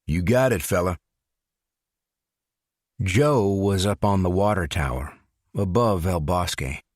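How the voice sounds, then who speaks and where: Slow deep-voiced male audiobook narrator. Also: darkish tone, no echo, clean studio sound. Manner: measured, unhurried reading with voiced dialogue. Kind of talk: scripted narration.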